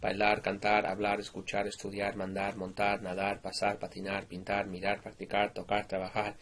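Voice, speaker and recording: A man teaching Spanish verbs in a relaxed, informal recorded slide lesson. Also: on the low side, fairly quick. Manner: relaxed, informal explaining with fillers.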